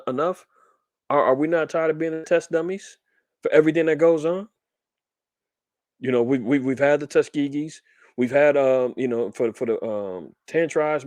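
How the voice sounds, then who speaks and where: This man's voice is on the high side, heard on a dry recording. Hosting a commentary podcast, he reads news articles out loud and then riffs on them in an animated way, full of rhetorical questions.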